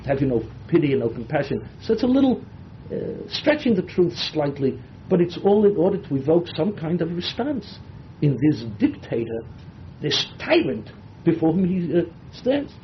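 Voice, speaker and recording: A man's voice: a little high, sing-song, moderate pace, a little hiss or hum. A man teaching a Bible class who mixes Hebrew and Yiddish words into his English and dramatizes the text with feeling. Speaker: Torah teacher. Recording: dull lo-fi lecture recording.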